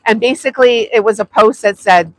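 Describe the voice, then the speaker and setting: A woman's voice: fairly high pitch, brisk, no echo. A woman hosting a sewing livestream, chatting casually with viewers and laughing often. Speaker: sewing channel host.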